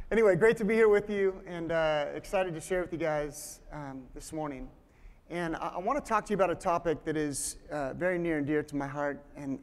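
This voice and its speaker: Joking man in his forties, high voice. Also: long reverb tail. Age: 40s. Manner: joking, storytelling, frequent restarts. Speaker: guest speaker. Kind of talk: sermon with humorous stories.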